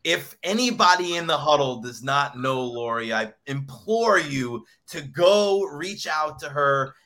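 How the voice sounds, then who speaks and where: A man's voice: medium pitch, sharp tone. A man hosting a casual online show, upbeat and effusive. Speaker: show host.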